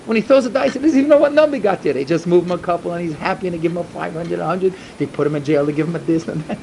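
A middle-aged man giving an emphatic storytelling sermon to a yeshiva, repeating his points and swinging from loud to hushed. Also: sits high, rapid-fire, vocal fry, a little hiss or hum, rough recording. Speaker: yeshiva speaker.

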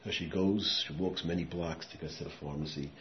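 A man giving a sermon with storytelling, dropping to hushed tones and rising to loud emphatic bursts, with Yiddish and Hebrew words mixed in. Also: low voice, steady tone, fairly quick. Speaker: rabbi giving a talk. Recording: echoey room, muffled sound, faint background noise.

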